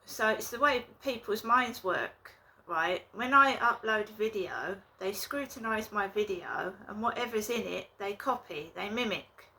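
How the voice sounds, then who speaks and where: A woman talking casually to her viewers in a rambling, indignant way, recording a vlog in her flat. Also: medium pitch, a little slow, hardly any pauses. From England. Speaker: vlogger. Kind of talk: casual vlog talk to camera.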